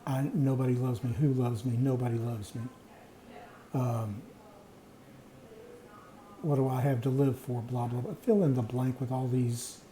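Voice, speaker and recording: Earnest man with a very dark voice. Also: mid-range voice. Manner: earnest, reflective, plain-spoken with pauses. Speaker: vlogger sharing personal experience. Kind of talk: personal storytelling monologue. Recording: echoey room.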